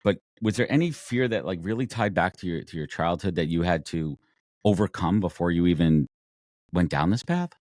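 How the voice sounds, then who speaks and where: A man's voice: low voice, moderate pace, a little mellow, no room sound, clean studio sound. A man hosting a podcast, asking long rambling questions with restarts. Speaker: podcast host. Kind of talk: casual interview conversation.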